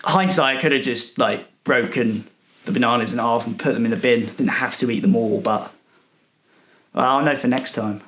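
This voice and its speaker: A man's voice: medium pitch, moderate pace, a bit bright, roomy sound. A man telling a comic story as a rude, boastful character, sarcastic and fed up. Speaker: comedic storyteller.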